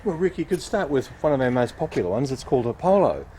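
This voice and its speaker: Upbeat nurseryman, lively voice. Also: medium pitch, fast talker, slight background noise. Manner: patient, upbeat explaining while digging and planting. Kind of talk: garden how-to demonstration. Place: outdoor plant nursery garden bed.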